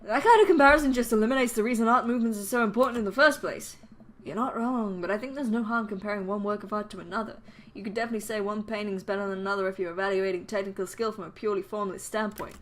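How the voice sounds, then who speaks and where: A woman's voice: medium pitch, fast, a little hiss or hum. A young woman playing a game, reading out every character's lines and joking between them. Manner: playful, voices every character in the dialogue and jokes between lines. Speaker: let's player. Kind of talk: reading a game's dialogue aloud.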